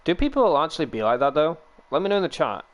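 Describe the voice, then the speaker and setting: A man's voice: fairly high pitch, sing-song, fast. A man, chatting casually with stream viewers on a headset and rambling with frequent chuckles. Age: 20s. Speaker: livestreamer. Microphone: gaming headset.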